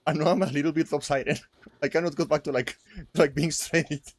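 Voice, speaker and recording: A man's voice: a little high, steady tone, a little fast, no echo. A young man co-hosting a casual podcast chat, rambling with lots of fillers and frequent giggles. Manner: rambling, giggly, heavy use of "like". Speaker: podcast co-host.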